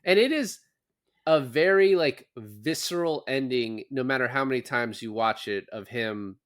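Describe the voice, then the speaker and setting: A man on a podcast argues his reading of a film, building his point step by step in a relaxed, conversational way. His voice is an ordinary middle pitch. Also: unhurried. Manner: opinionated, builds arguments about the film. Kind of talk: casual film discussion chat.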